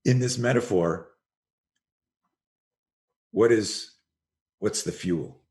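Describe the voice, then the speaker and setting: A middle-aged man from Canada, a self-defense coach, speaking as a podcast guest in conversational storytelling, animated and profane, acting out quoted dialogue. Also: lowish voice, slow.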